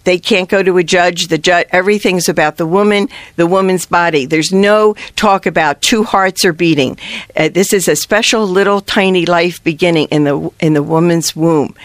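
Earnest sidewalk counselor sharing stories with a priest, chatty and halting, dry close sound. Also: mid-range voice, no room sound. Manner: chatty and earnest, with many restarts. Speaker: pro-life sidewalk counselor. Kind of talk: telling stories to a priest on a talk show.

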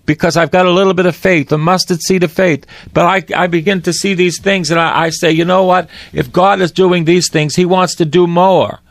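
Gravelly fervent priest preaching. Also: male voice, sits high, steady tone, moderate pace, hardly any pauses, dry recording, studio quality. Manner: fervent, pleading, repeats phrases. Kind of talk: preaching broadcast.

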